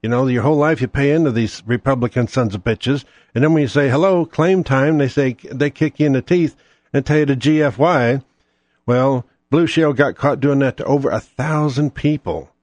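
A man's voice: medium pitch, moderate pace, darkish tone, no room sound. A man hosting his own show alone, ranting in a profane, sarcastic, rambling way. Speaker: podcast host. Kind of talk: ranting solo monologue.

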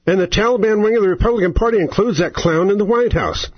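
A talk radio host rants about politics in a high-pitched, fast voice with a breathy edge, angry, sarcastic and exasperated. The sound is lo-fi and dry, with no room ambience.

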